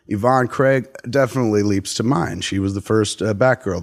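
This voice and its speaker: A man hosting a casual podcast conversation. He talks loosely and swears freely. His jokes often turn into quick silly voices. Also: fairly low pitch. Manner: loose, profane, jokey, does silly voices. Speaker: podcast host. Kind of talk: casual interview chat.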